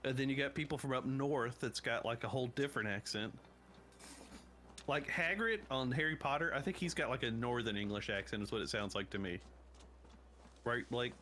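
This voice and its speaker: A man's voice: mid-range voice, normal speed, bright, forceful tone, slight background noise. A man from the United States hosting a casual podcast, talking in a rambling, chatty way. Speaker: podcast host. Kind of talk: casual chat.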